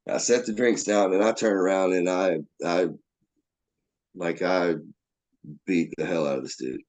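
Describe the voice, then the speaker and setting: A man's voice: low-pitched, a little slow, darkish tone. A man, a guest telling a long story in a casual way and acting out the voices of the people in it. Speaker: interview guest.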